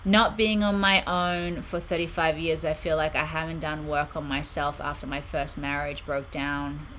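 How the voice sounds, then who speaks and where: Bright-voiced woman giving soothing advice. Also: deep voice, fairly even intonation, moderate pace, a little hiss or hum, rough recording. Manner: warm, reassuring, reads viewer comments aloud. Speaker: spiritual channel host. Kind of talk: live-stream reading and advice.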